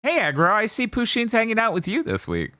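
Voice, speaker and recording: A man's voice: high-pitched, wildly swooping pitch, a little fast, bright, forceful tone, no room sound. A man co-hosting a casual comedy gaming podcast, joking, swearing and laughing often. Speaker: podcast host.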